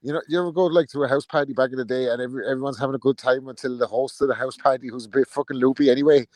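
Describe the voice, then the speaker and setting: A man's voice: mid-range voice, steady tone, a little mellow, dry recording. A man co-hosting a podcast, joking and swearing in casual chat. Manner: fast, jokey, profane. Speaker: podcast co-host.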